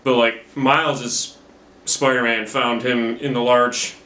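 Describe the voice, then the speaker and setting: A man's voice: mid-range voice, flat delivery, takes it slowly, bright, forceful tone. A young man rambles through a movie recap, swearing freely and poking fun at himself. He talks in an ordinary mid-range voice straight into a camera mic. The room around him rings with noticeable echo. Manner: rambling, profane, self-mocking. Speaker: movie reviewer. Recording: roomy camera-mic recording.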